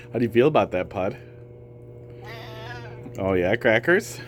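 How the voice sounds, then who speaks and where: A man's voice: lowish voice, lively intonation, moderate pace, long pauses, slight background noise. A man streaming a game, casually chatting with viewers and talking fondly to his cats. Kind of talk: casual live-stream chat.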